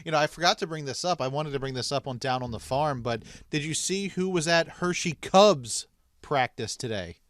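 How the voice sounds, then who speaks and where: High-voiced, easygoing male podcast host. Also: a bit bright, no room sound. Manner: easygoing, laughs along, quick asides. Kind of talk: casual sports podcast chat.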